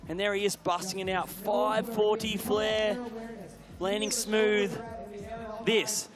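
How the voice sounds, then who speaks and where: A man giving live BMX commentary, excitable, often shouting and gasping at big tricks. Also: high-pitched, takes it slowly, a crowd in the background.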